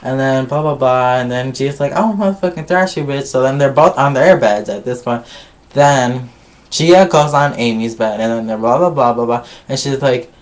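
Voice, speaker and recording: A man's voice: mid-range voice, steady tone, normal speed. A man casually recapping a reality show episode, gossipy and full of swearing, skipping ahead with filler. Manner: gossipy, swears a lot, skips ahead with "blah, blah, blah". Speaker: vlogger reviewing a reality show.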